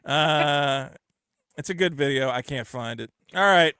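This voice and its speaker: Bright, crisp profane call-in host. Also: male voice, measured pace, no room sound, studio quality. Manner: profane, rambling, acts out quotes in high voices. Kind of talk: casual call-in show banter.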